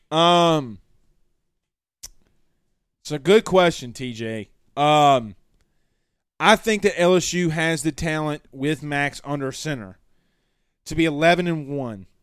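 A man hosting a sports show in casual chat, reading out viewer comments in a blunt, animated way with some trash talk. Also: on the high side, clear, resonant tone, dry recording, clean studio sound.

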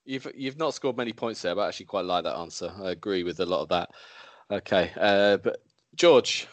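A man's voice: sits low, a little fast, dry recording. A man hosting a casual panel chat, teasing his guests and laughing often. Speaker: host.

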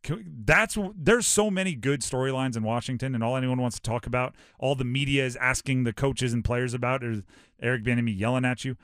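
A man from Hawaii hosting a sports talk show, animated and rhetorical, often acting out quotes. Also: medium pitch, brisk, dry recording, clean studio sound.

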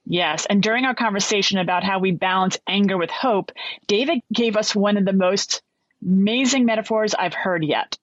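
Woman podcast co-host, earnest, slightly husky voice, dry close sound. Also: medium pitch, normal speed, no room sound, lo-fi sound. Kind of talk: podcast intro and casual chat.

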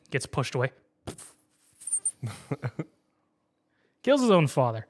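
A man casually recaps an anime episode, acting out the characters' lines as he tells the story in an animated way. His voice is a little high and slightly rough, and he speaks at a slow pace.

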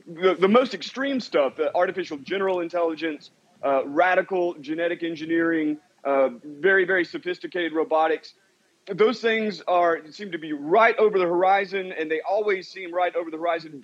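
A man appearing as a guest commentator, explaining ideas in a measured, thoughtful way with many fillers. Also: on the high side, lo-fi sound.

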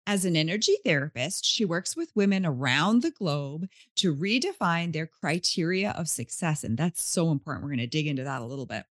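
Upbeat woman podcast host, lively pitch. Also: no echo, studio quality. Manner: upbeat and effusive. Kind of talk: podcast interview intro.

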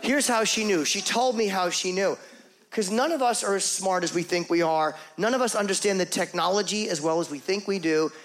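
This man's stand-up for a live audience comes in a high-pitched, brisk, slightly bright voice. He's confessional and self-deprecating, performing snippets of dialogue in assumed voices.

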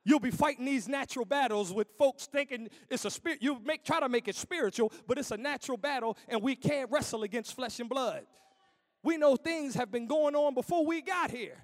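A man preaching a sermon as pastor, impassioned, rising to shouts and dropping low, in an informal church preaching cadence. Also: fairly quick. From United States.

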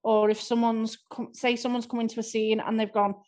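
A woman's voice: on the high side, little pitch movement, brisk, a little mellow. A woman with a Scouse accent, an improv performer answering interview questions in a chatty, self-deprecating way.

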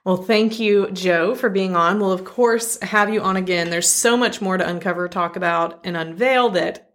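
Woman host, slightly low voice, affirming, interview chat. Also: moderate pace. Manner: affirming, many soft back-channels. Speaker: podcast host.

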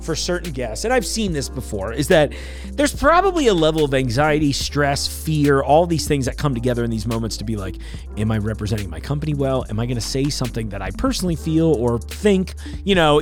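A podcast host gives a casual solo intro to camera, rambling and apologetic, laughing between thoughts. His medium-pitched voice swings widely and moves quickly, with soft music in the background.

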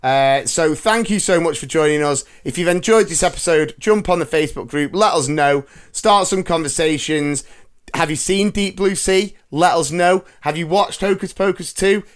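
A man's voice: fairly high pitch, moderate pace. A man hosting a movie podcast, jokey, upbeat and chatty. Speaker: podcast host. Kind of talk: casual chat.

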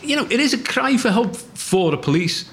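Liverpool man, gravelly voice, slight background noise, earnest talker. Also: very high-pitched, very animated, moderate pace. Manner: earnest, rambling, many fillers. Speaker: TV writer and former police officer. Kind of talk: interview.

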